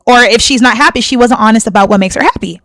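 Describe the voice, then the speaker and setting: A woman's voice: fairly high pitch, fast, a bit bright, no echo. A woman hosting a reaction video, giving heated commentary in a confrontational, indignant way and repeating her points for emphasis. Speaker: reaction channel host.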